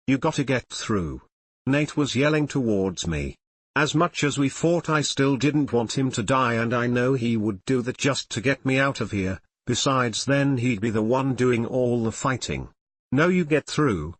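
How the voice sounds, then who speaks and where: A man's voice: medium pitch, slightly rough, dry recording. A man reading a fan fiction story aloud, giving the dialogue light voices. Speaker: reader.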